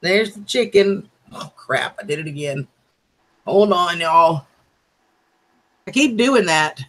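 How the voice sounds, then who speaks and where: A man's voice: sits high, lively intonation, slow pace, fairly bright tone. A man hosting a casual livestream chat, talking proudly and chattily about his cooking. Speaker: livestream host.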